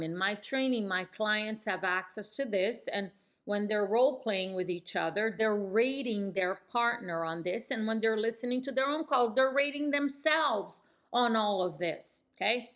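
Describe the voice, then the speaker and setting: A middle-aged woman coaching real estate agents, speaking firmly in falling tones and jumping up high to demonstrate. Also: a little slow, a bit bright. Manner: emphatic, demonstrates phone tones with sudden high pitch jumps; speaks in firm downswings. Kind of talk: coaching lesson to camera.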